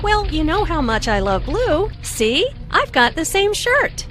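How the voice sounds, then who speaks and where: A woman playing a bubbly, very high-voiced friend. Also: very animated, unhurried, exaggerated voice. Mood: surprised. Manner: bright, exclaiming. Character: cheerful young woman meeting an old friend. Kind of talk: scripted dialogue for learners. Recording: music playing underneath.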